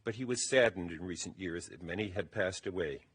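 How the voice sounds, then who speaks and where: A low-voiced man with a hint of huskiness reads his eulogy aloud at a funeral. Each line comes at a measured pace, and the whole delivery is steady and deliberate.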